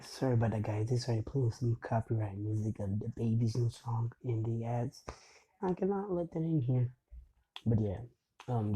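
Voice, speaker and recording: A man's voice: medium pitch, dark tone, a little hiss or hum, rough recording. A man casually retelling a fan-made story in a loose, rambling way.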